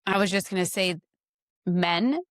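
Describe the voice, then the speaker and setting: Woman w/ a lowish voice, chatting on a podcast, blunt advice, acts out bits of dialogue, dry sound. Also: measured pace, no echo. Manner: direct, advice-giving, acts out little dialogues. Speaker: podcast guest, wife of host. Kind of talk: casual chat.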